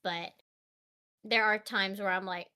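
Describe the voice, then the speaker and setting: A woman chatting as an interview guest, relaxed and trailing off with restarts as she thinks aloud. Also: medium pitch, a little slow, clear, resonant tone. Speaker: guest voice actor. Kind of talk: casual interview chat.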